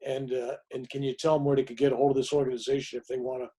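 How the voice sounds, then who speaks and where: A man hosting an interview, asking his questions haltingly and repeating words. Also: mid-range voice, level tone, mellow. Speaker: host.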